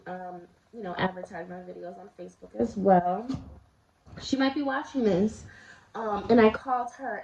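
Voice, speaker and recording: In a gravelly, slightly mellow medium-pitched voice, a woman vlogger eats while telling her viewers a personal story. She's chatty and confiding, speaking straight to camera, and the home recording is roomy and a bit dull.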